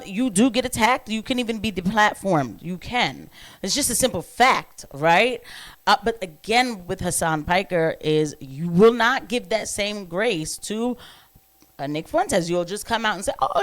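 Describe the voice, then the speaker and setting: A woman's voice: mid-range voice, expressive, measured pace. A woman giving casual reaction commentary on a podcast clip, chatty with sarcastic asides.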